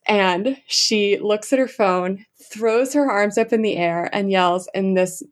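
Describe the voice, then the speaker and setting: A young adult woman chatting as an enthusiastic travel guest, full of fillers and quick asides. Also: medium pitch. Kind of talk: casual interview chat.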